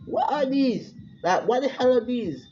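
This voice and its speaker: A man's voice: high voice, big pitch swings, normal speed, darkish tone, husky, pitched above the performer's own voice, heavily acted. Man doing a brash sarcastic teen boy. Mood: exasperated. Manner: cocky, swearing, exasperated. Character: brash sarcastic teenage boy ninja hero. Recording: lo-fi with background noise.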